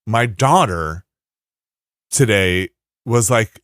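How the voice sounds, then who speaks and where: A man chats casually on a podcast, his pitch leaping around as he tells a rambling story. The sound is dry and close. He restarts his sentences often. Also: lively intonation, slow pace, pauses often, a bit bright, dry recording. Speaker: podcast host.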